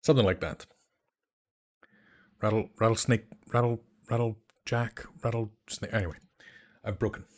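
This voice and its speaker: A young man from Iceland chats casually on a stream in a lowish voice. He rambles and gets excitable, tripping over his words and restarting sentences as he goes. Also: moderate pace, long pauses. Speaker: game master and channel creator. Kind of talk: casual livestream chat answering questions.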